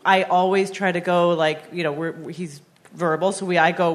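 A woman's voice: on the low side, fast talker. A woman comedian guesting on a live podcast, telling a story in a dry, wry way. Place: live stage before an audience.

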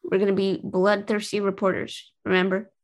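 A woman's voice: medium pitch, completely flat delivery, normal speed, gravelly. A woman hosting a comedy call-in game show, bantering playfully with callers and her co-host. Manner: chatty, giggly, plays a pushy reporter.

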